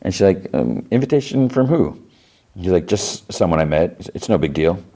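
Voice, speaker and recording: A male podcast host, low-voiced, brisk and dark in tone, casually recaps an episode. He acts out the characters' lines in loose voices, with lots of "he's like" and restarts.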